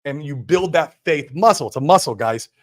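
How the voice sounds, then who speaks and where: A man hosting a crypto livestream, talking to viewers in a loose, slangy, excitable way. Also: a little high, moderate pace. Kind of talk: casual livestream talk.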